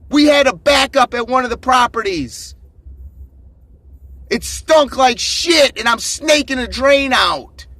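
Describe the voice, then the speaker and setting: Fired-up man preaching hustle with a high, piercing voice. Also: no echo. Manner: intense, swearing, shouting bursts. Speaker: motivational vlogger. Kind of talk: ranting motivational monologue. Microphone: phone camera.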